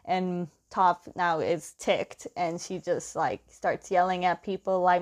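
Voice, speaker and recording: A woman's voice: fairly low pitch, fairly even intonation, slow, few pauses, darkish tone. A young woman casually recapping a story, chatty and laughing often, with lots of filler words. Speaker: comic recap host.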